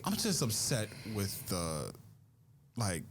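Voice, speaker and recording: Lively, animated man chatting wrestling. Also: on the low side, slow pace, slight background noise. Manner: animated, laughs often, trails off and restarts. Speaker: podcast co-host. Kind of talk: casual wrestling chat.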